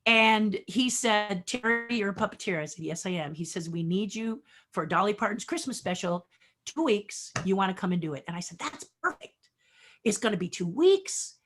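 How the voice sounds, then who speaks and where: Animated woman telling career stories. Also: medium pitch, normal speed, a little hiss or hum. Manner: animated storyteller acting out dialogue. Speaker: podcast guest. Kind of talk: storytelling interview.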